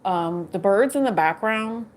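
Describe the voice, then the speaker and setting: A woman's voice: medium pitch, expressive, measured pace. A woman giving a casual live tarot reading, chatty and joking with viewers and laughing often. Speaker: tarot card reader.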